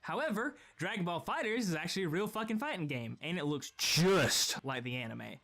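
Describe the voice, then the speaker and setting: A man's voice: high-pitched, expressive, brisk, pushed and bright. A young man giving scripted gaming vlog commentary, profane and sarcastic, ranting with strong opinions. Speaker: gaming video creator.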